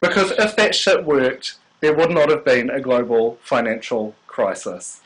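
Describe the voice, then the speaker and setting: A man's voice: mid-range voice, lively intonation, a little slow, a bit bright, poor audio. A man hosting a live stream who rants in a sassy, theatrical way. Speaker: show host. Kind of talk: campy live-stream chat.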